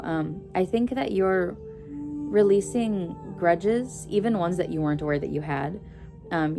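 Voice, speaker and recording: A woman giving a casual tarot reading, rambling and correcting herself as she goes, with an occasional giggle. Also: low-pitched. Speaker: psychic tarot reader. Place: indoors at home. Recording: instrumental music playing behind.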